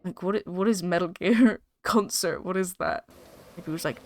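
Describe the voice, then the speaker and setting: On a game stream, a woman with a lowish voice chats casually at a normal pace into an old desktop mic. She's bubbly, laughs a lot, and swears freely.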